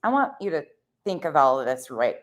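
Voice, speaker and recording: A woman's voice: low voice, sing-song, a little fast. Blunt woman streamer, plain voice. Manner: blunt, swears, questioning. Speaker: live stream host. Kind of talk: casual live stream commentary.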